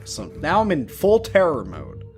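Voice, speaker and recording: A man's voice: on the high side, wildly swooping pitch, moderate pace, darkish tone, soft background music. A man co-hosting a podcast, reading a scary story aloud in a casual, profane way with asides. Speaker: podcast co-host.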